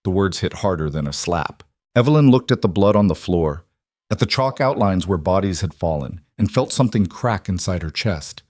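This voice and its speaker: Low-voiced man narrating a crime story. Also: expressive, moderate pace, a little mellow, no echo, clean studio sound. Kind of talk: scripted audiobook narration.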